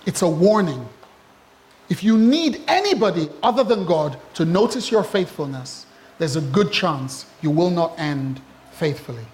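Man preaching, high voice, lively, joking asides. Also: measured pace. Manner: animated, humorous preaching with asides and acted-out quotes. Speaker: pastor. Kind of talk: sermon.

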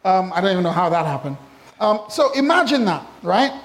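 Preaching a sermon, a male pastor is animated and humorous, making asides to the congregation and acting out quotes. His voice is high and his pace brisk.

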